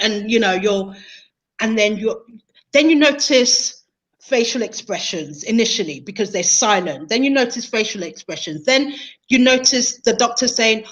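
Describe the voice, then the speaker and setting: A woman's voice: medium pitch, animated, normal speed, dull audio. A woman, an interview guest telling a personal story in an earnest, emotional way, often repeating herself. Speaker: interview guest, training consultant.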